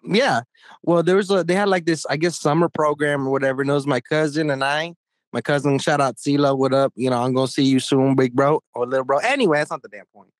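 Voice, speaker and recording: A young man with a slightly high voice rambles through a crude, profane story, his emphasis jumping around as he goes. He is close to the mic in a dry, dead-sounding room with no echo at all. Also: steady tone, quick pace. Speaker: podcast co-host. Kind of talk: casual crude podcast banter.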